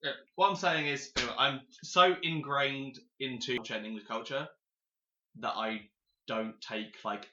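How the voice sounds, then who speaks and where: A man's voice: mid-range voice, steady tone, measured pace, sharp tone. A man co-hosting a casual podcast, insistent and swearing as he keeps restarting to explain his point. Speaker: podcast co-host. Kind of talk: casual chat. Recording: echoey dull lo-fi podcast audio.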